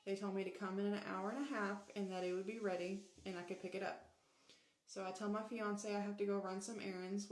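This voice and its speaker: A woman telling her own story in a casual storytime monologue, candid and animated, acting out quoted dialogue with a Southern American way of speaking. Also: mid-range voice.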